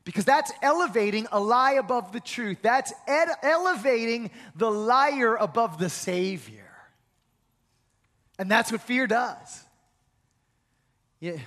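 A middle-aged man preaching a sermon as pastor, telling stories animatedly and sinking to a soft hush at times. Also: slow, long pauses. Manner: animated storytelling with big pitch swings, dropping to a soft hush for comforting lines. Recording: long reverb of a large hall.

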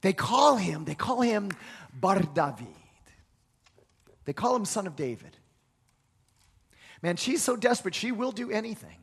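A man's voice: high voice, sing-song, a little slow, long pauses, breathy edge. A man preaching a sermon, building to emphatic peaks and repeating key phrases. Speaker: pastor. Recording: long hall reverb.

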